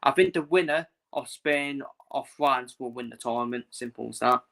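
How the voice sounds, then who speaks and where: A man from England talks football with a bright, forceful voice, hammering the same points again and again. He speaks bluntly and emphatically, like a vlogger ranting to his viewers. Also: mid-range voice, moderate pace, vocal fry. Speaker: football channel host. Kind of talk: casual ranting match preview.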